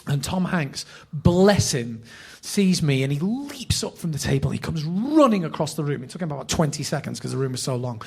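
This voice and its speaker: Man with a northern English accent, raised pitch, gravelly; animated self-deprecating guest. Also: moderate pace. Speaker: actor, podcast guest. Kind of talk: anecdotal storytelling.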